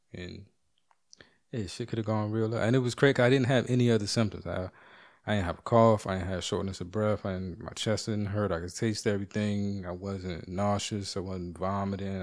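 A middle-aged man at home telling a story in a casual monologue, animated, swearing and acting out other people's lines. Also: on the low side.

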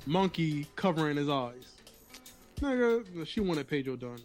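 Higher-voiced man with blunt, profane comebacks. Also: unhurried, soft background music. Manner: blunt, profane, animated reactions. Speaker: podcast co-host. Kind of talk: casual podcast banter.

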